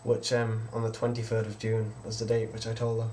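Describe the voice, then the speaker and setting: A man's voice: fairly low pitch, completely flat delivery, fairly quick, a little mellow, slight background noise. A teenage man, casually telling a personal story in a rambling vlog from his bedroom. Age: teens. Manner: casual, rambling, quotes others with "I was just like". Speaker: vlogger.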